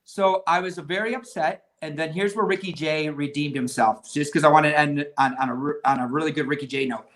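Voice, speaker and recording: Man, magician guest, lively storyteller, somewhat high voice. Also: fairly quick, few pauses. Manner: lively anecdote-telling, with many restarts. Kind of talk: casual storytelling in conversation.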